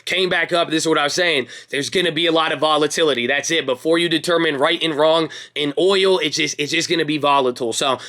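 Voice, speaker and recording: A man's voice: fairly high pitch, fast talker, hardly any pauses, bright, forceful tone. A young man hosting a casual stock market recap, hyped and talking straight to his viewers like friends. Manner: hyped, pep-talk energy, calls viewers baby and bro. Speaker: stock market video host.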